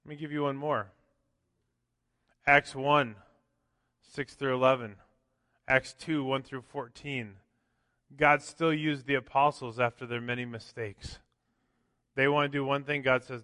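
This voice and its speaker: A man's voice: mid-range voice, steady tone, measured pace, pauses often, pushed and bright, no echo, clean studio sound, in a large hall. A man preaching a sermon as pastor, conversational, often tossing in "right?" and acting out quotes. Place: church sanctuary.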